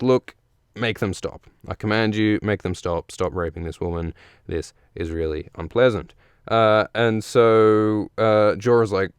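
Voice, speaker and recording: A low-voiced man with a smooth, clean tone walks through a book chapter in loose, casual commentary. He thinks out loud, circling back with frequent "uh"s and restarts. The sound is dry and close, with no room echo. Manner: rambling and analytical, with many "uh" fillers and restarts. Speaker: podcast host.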